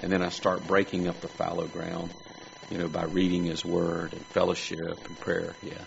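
A man's voice: sits low, completely flat delivery, normal speed, creaky. A man preaching a sermon, asking his congregation questions. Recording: dull lo-fi recording with faint noise.

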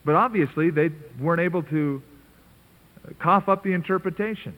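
A man's voice: on the high side, moderate pace. Tinny radio preacher, earnest man. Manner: earnest, conversational preaching with emphatic asides. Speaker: pastor. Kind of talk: sermon. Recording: tinny narrow-band radio broadcast.

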